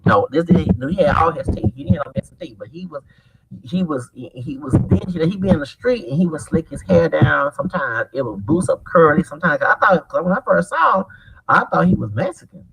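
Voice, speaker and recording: A gravelly-voiced man in his forties rambles through a story with a lively, swooping, slightly high voice. He talks in animated, profane bursts and restarts. He is recorded from some distance, with loud background noise. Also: brisk. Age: 40s. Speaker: vlogger.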